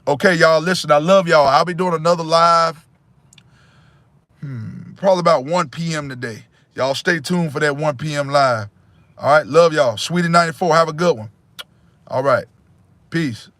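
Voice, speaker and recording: A man's voice: on the high side, normal speed, a bit bright, no room sound. Blunt preachy man on a livestream. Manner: preachy, blunt, repeats himself, addresses viewers as y'all. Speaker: livestream host. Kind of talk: casual livestream talk to viewers.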